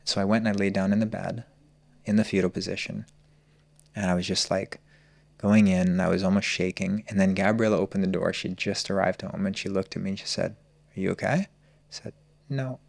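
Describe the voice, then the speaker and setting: A man's voice: sits low, flat delivery, gravelly, darkish tone, dry recording. A man telling his personal story as a podcast guest, earnest and searching. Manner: earnest, open, slow and searching.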